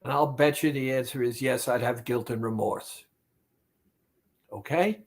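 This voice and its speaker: Slow, emphatic male therapist. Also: mid-range voice, vocal fry. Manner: slow, emphatic, addresses listener directly. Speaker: weight-loss therapist. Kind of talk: motivational talk.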